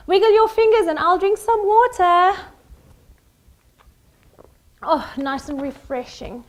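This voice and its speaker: A cheerful young woman leads a children's recorder lesson in a high, bright voice. Her pitch swoops up and down with lively melody, and she takes her time over each phrase. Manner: cheerful, sing-song, speaks slowly to children. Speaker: music teacher.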